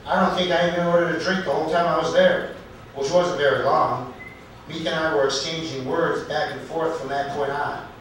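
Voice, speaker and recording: A man at an open mic night in a comedy club, telling a story in a halting, deliberate way and correcting himself as he goes. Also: fairly high pitch, steady tone, fairly bright tone, slight background noise. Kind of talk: storytelling stand-up set. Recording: echoey club recorded from far off.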